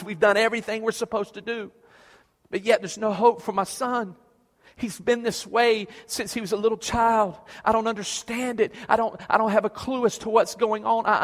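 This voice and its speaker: A man's voice: high-pitched, fairly bright tone, long reverb tail, pitched above the performer's own voice. A man preaching acts out a desperate father begging for help for his sick son, pouring out stammering, pleading words.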